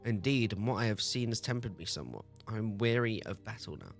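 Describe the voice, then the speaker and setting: An age-old sorcerer creature from a fantasy game, tired of battle and speaking with stiff formality, as a man reads its lines. The voice sits low, with quiet music underneath. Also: expressive, fast talker, gravelly. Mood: weary, solemn. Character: ancient weary male demon-like sorcerer, formal.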